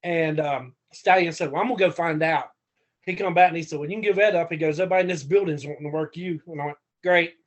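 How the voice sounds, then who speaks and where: Male guest, rough-talking raconteur, animated retelling, somewhat high pitch. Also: fast. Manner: profane, animated storyteller acting out quotes. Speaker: guest, former pro wrestler. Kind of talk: casual storytelling.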